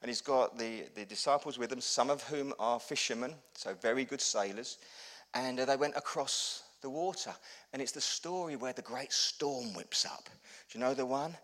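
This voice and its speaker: This man delivers a sermon as pastor, weaving in stories with humor. His volume moves between loud outbursts and quiet, hushed moments.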